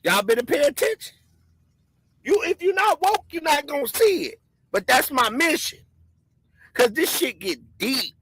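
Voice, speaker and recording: A middle-aged woman giving a loud, excitable, repetitive conspiracy commentary. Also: high voice, a little slow, long pauses, no room sound, rough recording. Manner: emphatic, preachy. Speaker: commentary streamer.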